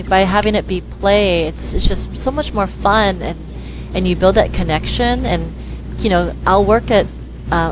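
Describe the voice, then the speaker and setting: A woman speech therapist talking in an interview, lively and quick to act out the voices of children and parents. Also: fairly low pitch, poor audio. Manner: lively, acts out quoted dialogue in voices. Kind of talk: conversational interview.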